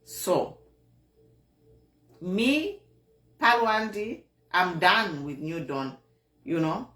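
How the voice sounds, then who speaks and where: A woman with a Zambian accent delivers a slow, unhurried political monologue as host of an online show. She talks earnestly and repeats herself, with a disappointed tone. Her voice carries a noticeable room echo. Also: on the low side, expressive, a bit bright.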